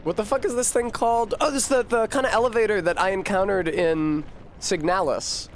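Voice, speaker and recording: A man's voice: sits high, fairly even intonation, a little fast, a little hiss or hum. A man streaming a game, chatting casually in a profane, rambling way and laughing often. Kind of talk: casual gameplay chat.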